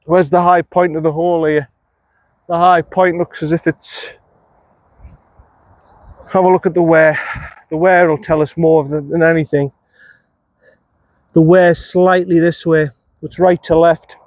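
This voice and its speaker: High-voiced man on the course. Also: fairly even intonation, slow, long pauses, dry recording. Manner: chatty, talks to himself, frequent mild swearing. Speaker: golf vlogger. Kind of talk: casual on-course commentary. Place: outdoors on a golf course. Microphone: phone camera.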